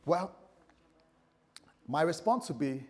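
A man's voice: on the high side, expressive, slow, darkish tone, breathy edge. A man preaching a sermon in a conversational way, quizzing his listeners and acting out scenarios for them.

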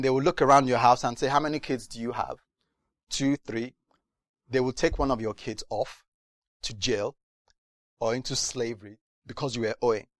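Lively man preaching a sermon. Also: medium pitch, no echo. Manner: animated storytelling with acted voices.

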